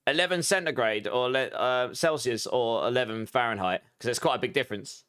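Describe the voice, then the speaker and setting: A man in his thirties, Essex accent, southeast England: he's live-streaming a game and chatting casually, reading viewers' messages aloud between quick asides. His voice is medium in pitch, a bit bright, and smooth.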